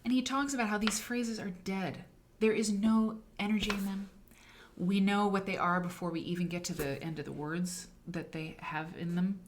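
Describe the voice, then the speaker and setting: A woman hosting a casual livestream, talking about writing in an animated, emphatic way with chatty asides. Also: mid-range voice, moderate pace, a little hiss or hum. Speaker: host.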